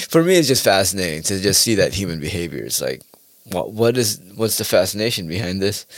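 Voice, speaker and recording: A man's voice: lowish voice, no room sound, studio quality. A man ranting casually in a rambling, profane monologue, often laughing at his own points.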